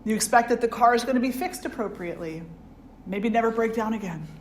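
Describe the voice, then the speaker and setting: A woman's voice: on the high side, quick pace, darkish tone, a little hiss or hum. A woman, a spiritual teacher, giving a reflective, conversational satsang talk and asking her audience questions. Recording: roomy hall with faint ambience.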